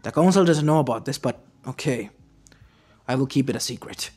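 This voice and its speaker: A man voicing a measured old village leader. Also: mid-range voice, darkish tone, close to an everyday voice. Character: aging male village leader, measured and cautious. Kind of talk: fan story narration. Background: faint lo-fi music.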